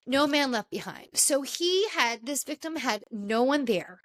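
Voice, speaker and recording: Woman podcast host, choked-up and halting, slightly high voice. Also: lively intonation. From Washington, D.C. area. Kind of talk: casual podcast commentary.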